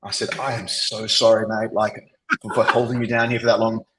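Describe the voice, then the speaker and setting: Aussie guy yarning on a podcast, lowish voice, lots of you know and like. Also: flat delivery, a little fast, background noise. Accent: Australian. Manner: rambling anecdotes full of "you know" and "like". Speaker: podcast guest, agency founder. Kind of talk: casual interview storytelling.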